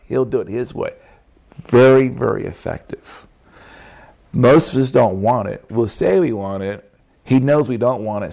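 A middle-aged man preaching a sermon, telling animated personal stories and acting out what people said. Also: medium pitch, vocal fry. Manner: animated storytelling, acts out quotes, laughs often.

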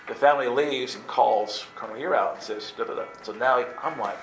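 A man telling a funny personal story in an animated way, jumping into high squeaky voices to act out his younger self. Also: fairly quick, music in the background. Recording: roomy echo, faint ambience.

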